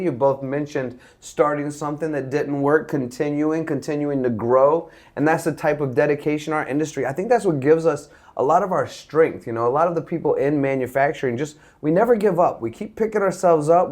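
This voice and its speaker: A man's voice: fairly high pitch, a little mellow. A man from Virginia hosting a casual interview, upbeat and chatty, laughing easily. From Virginia, USA. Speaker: host.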